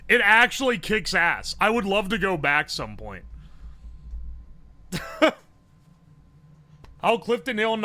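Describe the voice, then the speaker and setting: A man's voice: very high voice, bright, forceful tone, no echo. A man streaming live and chatting casually, rambling, swearing often, laughing a lot and humming tunes.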